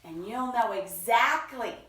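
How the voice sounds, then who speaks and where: A woman hosting a children's story time, reading slowly in a playful sing-song and stretching out her words. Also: a little high, lively intonation, fairly bright tone, distant mic. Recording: echoey room, voice from off-mic.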